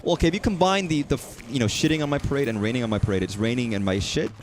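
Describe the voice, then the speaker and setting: A man's voice: mid-range voice, very fast, a little hiss or hum. A man chatting casually while streaming a game, rambling and swearing at enemies. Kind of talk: casual gaming commentary.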